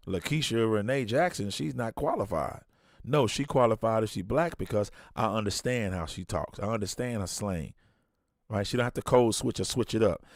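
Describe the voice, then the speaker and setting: A man's voice: on the low side, no room sound, studio quality. A man hosting a podcast, reading a study aloud and breaking off for blunt, colloquial asides, often restarting his sentences. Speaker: podcast host.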